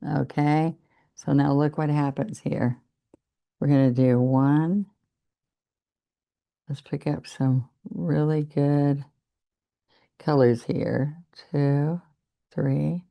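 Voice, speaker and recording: Older woman painting instructor, mellow and gravelly, slow and even, chatty demo. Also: low-pitched. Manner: chatty, encouraging, talks while working. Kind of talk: relaxed painting demonstration.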